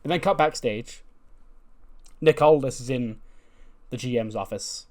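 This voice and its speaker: A man's voice: mid-range voice, measured pace. Man narrating a game, chuckling. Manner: laughs often, improvises storylines. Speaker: let's play narrator. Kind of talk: casual game commentary.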